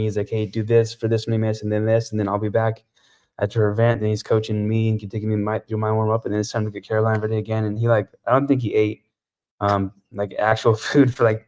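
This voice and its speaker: Flat-voiced man, casual podcast guest. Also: fairly low pitch. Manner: relaxed, halting with many fillers. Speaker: CrossFit athlete, podcast guest. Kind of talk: casual interview chat.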